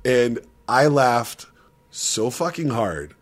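A man telling a story in casual podcast chat, animated and profane, laughing often. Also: medium pitch, takes it slowly.

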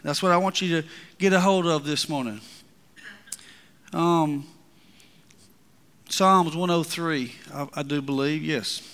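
A man preaching a sermon as pastor, building to emphatic peaks and dropping to quiet asides. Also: fairly high pitch, steady tone, slow, long pauses, clear, resonant tone, big-room sound. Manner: preaching, rising and falling with emphasis.

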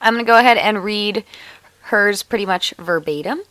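Chatty, excitable woman podcast host. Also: mid-range voice, normal speed, dry recording. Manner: chatty, excitable, laughs often. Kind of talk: casual chat, reading a listener email.

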